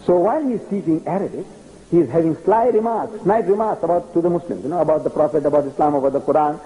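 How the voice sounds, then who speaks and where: An older man, giving an animated public religious lecture and telling stories with acted-out dialogue. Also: on the high side, fast, a little hiss or hum, poor audio. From South Africa. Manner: animated storytelling, acting out dialogue. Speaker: preacher.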